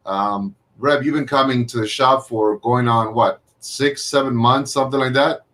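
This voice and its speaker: A man's voice: medium pitch, fairly even intonation, normal speed, a bit bright. A man hosting a casual live video-call chat, rambling with frequent fillers and restarts. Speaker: host.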